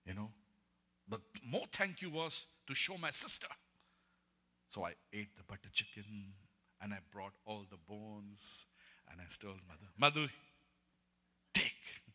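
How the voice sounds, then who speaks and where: A man from India preaches a personal testimony with animated storytelling. His voice sits low but sounds bright and forceful. A long hall reverb trails each phrase. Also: unhurried. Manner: animated storytelling, laughs often. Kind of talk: sermon testimony.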